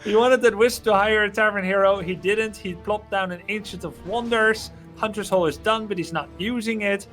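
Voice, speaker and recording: A man with a Dutch accent giving animated, analytical live commentary on a strategy game match. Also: high-pitched, moderate pace, few pauses, soft background music. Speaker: esports caster.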